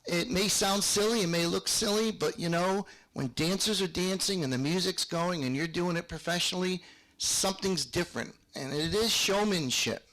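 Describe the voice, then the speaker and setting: A man's voice: high-pitched, moderate pace, a bit bright. A middle-aged man teaching square dance calling on a video call, chatty, explaining with hummed beats and sample calls. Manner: chatty, explains with hums and called sample lines. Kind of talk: online workshop lesson with demonstrations.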